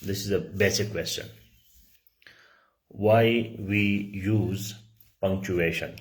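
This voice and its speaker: A middle-aged male teacher giving a lecture, explaining slowly, repeating key words and often clearing his throat. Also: on the low side, a little mellow. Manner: slow, repetitive explaining with frequent throat clearing; restates key words for emphasis. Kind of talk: lecture on writing.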